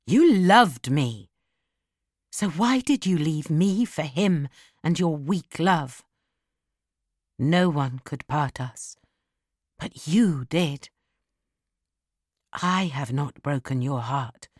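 A woman's voice: deep voice, lively intonation, extremely slow, long pauses, a little mellow, no room sound, clean studio sound, pitched below the performer's own voice, full character voice. Woman voicing Heathcliff, brooding and bitter. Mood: anguished. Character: brooding, bitter young man, heartbroken lover. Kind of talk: audiobook character reading.

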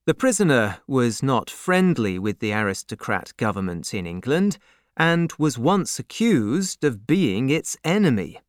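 A man narrating a story as an audiobook, with slow, expressive storytelling. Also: medium pitch, no echo, clean studio sound.

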